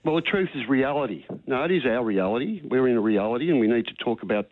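A man's voice: mid-range voice, expressive, fast talker, no room sound. Insistent Australian man on a phone line. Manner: insistent, rambling, calls the host mate. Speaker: caller. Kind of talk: talkback radio call.

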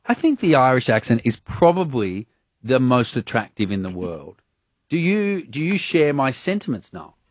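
A man with an Australian accent co-hosting a radio show, asking jokey, animated questions. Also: mid-range voice, normal speed, husky, no room sound. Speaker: radio co-host. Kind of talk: radio interview.

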